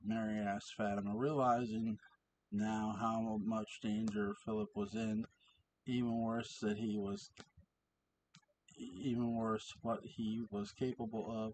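Slow, halting man reading his story. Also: on the low side, level tone, a little mellow, a little hiss or hum, low-quality recording. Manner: halting, slow, many ums, asides about his cats. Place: home with cats around.

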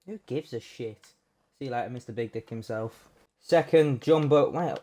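Guy streaming a pack opening, swears constantly, yells at the good pulls, mid pitch voice. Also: moderate pace. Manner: excitable, sweary, loud outbursts at good pulls.

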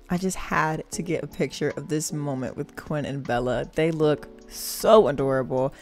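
A woman's voice: sits low, normal speed, few pauses, a little mellow. A young woman giving chatty, giggly commentary on her game, talking to viewers as y'all. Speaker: gaming channel host. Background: game music.

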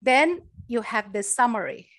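A woman's voice: a little high, animated, measured pace, dry recording, studio quality. A woman professor giving an online workshop, explaining at length with many uh and you know fillers. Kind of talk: online presentation. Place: virtual talk from home or office. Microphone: computer mic on video call.

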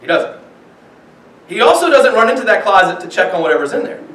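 A man's voice: sits high, sing-song, brisk, pushed and bright. A man, father of young children, preaching a sermon with animation and acting out the voices of people in the stories. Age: young adult or middle-aged, father of young children. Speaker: pastor. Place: church sanctuary. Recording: echoey church room from far off.

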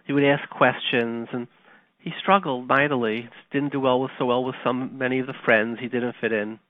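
A man hosting a radio talk show, telling a story and teaching Torah, animated and conversational, dropping to quiet retellings. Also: medium pitch, normal speed, no echo. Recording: tinny phone-like line, dry.

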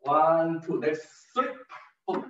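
Slow-counting tai chi teacher, man. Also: on the high side, sing-song, fairly bright tone, slight background noise. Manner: counts beats aloud, short broken phrases. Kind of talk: step-by-step movement instruction. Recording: distant roomy lo-fi recording.

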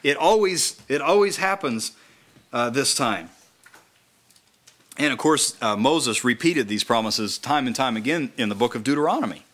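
Bright-voiced man preaching at a house church. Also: medium pitch, animated. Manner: reads scripture aloud slowly, then explains it conversationally. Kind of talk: sermon.

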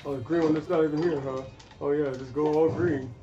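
A man cursing and reacting loudly while playing a video game. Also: on the high side, fairly even intonation, fairly quick, muffled recording, music in the background. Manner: swearing, frustrated outbursts. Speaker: gamer. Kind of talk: gameplay commentary.

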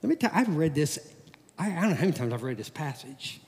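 A middle-aged pastor preaching in a church sanctuary, his voice sitting a little high for a man. He talks in a folksy, animated way, swinging from lively to hushed, and the long reverb of the hall trails after his words. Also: fast. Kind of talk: sermon.

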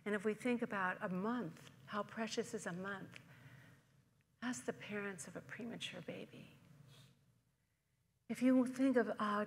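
Woman minister, conversational sermon, gravelly tone, long reverb of a church hall. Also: medium pitch. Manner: warm storytelling, conversational, asks the congregation questions. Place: church sanctuary.

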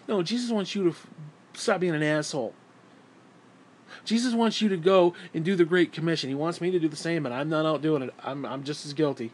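A man's voice: on the high side, a little fast. A man in a vlog delivering an angry, profane religious rant full of sarcasm. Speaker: vlogger.

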